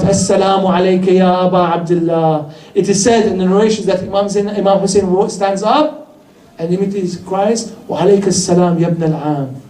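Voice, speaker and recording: A man's voice: high voice, dark tone. A man telling a martyrdom story as a sermon, in a mournful tone, recorded in a hall. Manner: mournful storytelling, voicing the figures in quotes. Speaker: speaker at a religious gathering. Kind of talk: sermon, retelling a martyrdom narrative. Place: hall of a religious gathering. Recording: echoey hall, mic at a distance.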